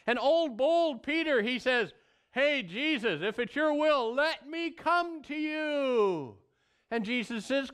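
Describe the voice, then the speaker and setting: A middle-aged male pastor preaching a sermon in an earnest, folksy storytelling way with animated asides. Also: very high voice, clean tone.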